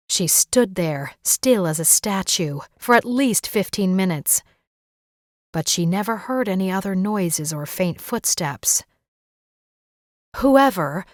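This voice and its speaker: A woman narrating a romantic suspense audiobook in a steady, suspenseful reading. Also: on the low side, no room sound, studio quality. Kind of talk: scripted narration.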